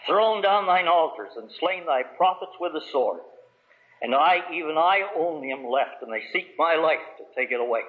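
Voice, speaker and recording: A man preaching a sermon, reading scripture in old biblical wording and building to raised, emphatic questions. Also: fairly high pitch. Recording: tinny phone-like old recording.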